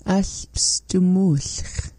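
A woman learning a language, softly repeating words after her teacher. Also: fairly low pitch, very slow, dry recording.

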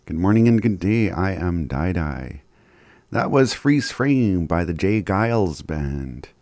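A man's voice: sits low, big pitch swings, takes it slowly, a little mellow, no room sound. A man hosting community radio, reading daily announcements in an easygoing way, chuckling and stumbling over words now and then. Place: radio studio.

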